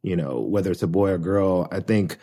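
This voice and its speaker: A man with a low voice, speaking as a podcast guest. He talks reflectively and thoughtfully, with many pauses and filler words as he works through his thoughts. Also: dark tone. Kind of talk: reflective conversation.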